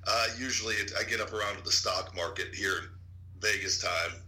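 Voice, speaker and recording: A man answering interview questions in a relaxed, rambling way with fillers. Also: on the low side, a little fast, poor audio. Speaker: podcast guest.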